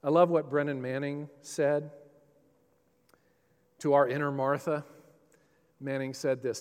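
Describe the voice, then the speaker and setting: A man preaching a sermon, swinging between loud, passionate emphasis and hushed, tender quoted lines. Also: fairly high pitch, level tone, unhurried, pauses often, smooth. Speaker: pastor. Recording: long hall reverb.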